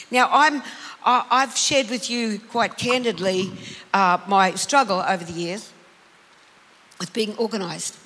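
Forceful preacher in a reverberant hall. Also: medium pitch, unhurried, long pauses. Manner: emphatic, calls out to the congregation. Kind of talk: sermon.

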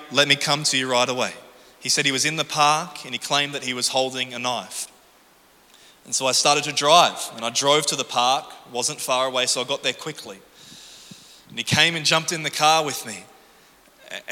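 A man's voice: on the high side, pushed and bright. A man preaching a sermon from a church stage, telling a personal story and building to emphatic preaching. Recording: long reverb of a church hall.

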